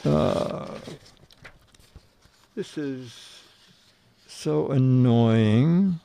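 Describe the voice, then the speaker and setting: A man's voice: mid-range voice, extremely slow, vocal fry, mellow, slight background noise. A man hosting a casual streamed show, reading viewer answers aloud, fumbling through his papers and chuckling at the jokes. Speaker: show host.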